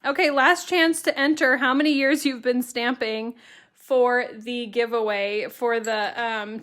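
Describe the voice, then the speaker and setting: A woman's voice: a little high, a bit bright. A woman teaching a watercolor stamping tutorial on a live stream, chatting with viewers and laughing through her words. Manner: bubbly and chatty, reading out viewer comments.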